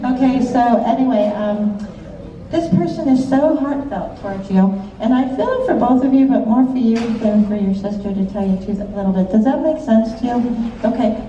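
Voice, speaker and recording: A woman's voice: a little high, moderate pace, warm tone. A woman working as a psychic medium, giving live stage readings to an audience in a chatty way, laughing often and checking in with short questions. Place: large hall with a live audience. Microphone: audience member's phone recording from the seats. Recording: echoey hall from far off, muffled, faint noise.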